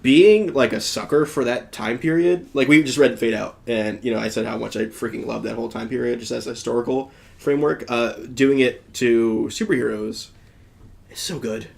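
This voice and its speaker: Male podcast host, gravelly, mid-pitched, rambling and eager. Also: fairly even intonation, normal speed, a little mellow. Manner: rambling, enthusiastic, restarts often. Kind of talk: casual chat.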